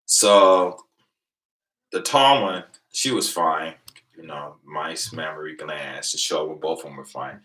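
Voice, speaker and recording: A middle-aged man from Venice, California, telling a profane, boastful story on a livestream, swinging between low mutters and loud outbursts. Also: takes it slowly, poor audio. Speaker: livestream host. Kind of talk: casual storytelling.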